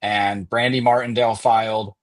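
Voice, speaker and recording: A man's voice: lowish voice, little pitch movement, moderate pace, no room sound. A man co-hosting a live-stream chat, joking wryly and swearing casually.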